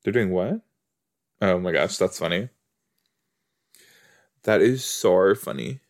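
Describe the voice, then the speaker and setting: A man's voice: low-pitched, expressive, slow pace, long pauses. A man chatting casually on a couch as he reacts to a TV episode, rambling, easily sidetracked and often breaking into exclamations. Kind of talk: casual watch-along chat. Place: indoors on a couch.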